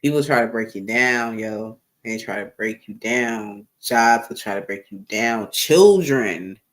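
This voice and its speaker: A woman's voice: a bass voice, lively intonation, a little slow. A woman hosting her own live stream, talking candidly and emphatically in a casual monologue, often repeating phrases for stress. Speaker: livestream host.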